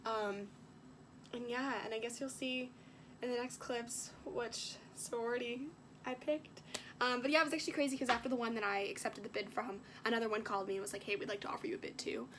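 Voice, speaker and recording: A woman's voice: fairly high pitch, fairly even intonation, a little fast, background noise. A young woman vlogging in a casual, chatty way, sick and coughing now and then, with lots of fillers as she tells an emotional story. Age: young adult. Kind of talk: casual vlog chat.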